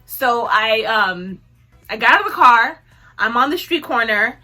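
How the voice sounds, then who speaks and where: A young woman vlogger telling a personal story to camera in a casual, animated way, acting out what she said. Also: on the high side, unhurried, faint music behind. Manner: animated, acts out her own lines with laughs.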